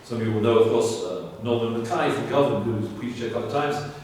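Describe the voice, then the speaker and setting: A man's voice: fairly low pitch, fast, darkish tone, slight background noise. A man preaching a sermon as pastor, earnest and emphatic, pressing his listeners with rhetorical questions. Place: church sanctuary. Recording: very echoey church, voice from a distance.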